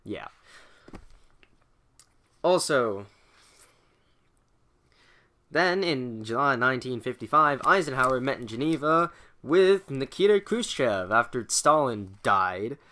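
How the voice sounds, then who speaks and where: Irreverent young man with a bright voice. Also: mid-range voice, animated, takes it slowly, pauses often. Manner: irreverent and profane, acting out quotes in mock voices; hesitant, with fillers and restarts. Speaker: student summarizing history chapters. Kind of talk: casual spoken chapter recap.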